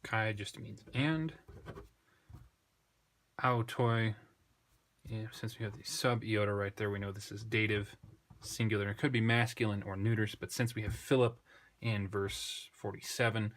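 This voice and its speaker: A man with a fairly low voice talks through a language lesson at an unhurried pace. He thinks aloud, pauses over his words and corrects himself now and then. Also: steady tone, a bit bright. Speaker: Greek tutor. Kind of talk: unscripted screen lesson.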